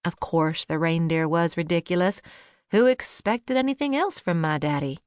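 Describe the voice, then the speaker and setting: A woman narrating a first-person novel in a measured, lightly wry manner, on a close studio mic. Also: fairly low pitch, a little mellow, clean tone, no room sound. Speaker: audiobook narrator.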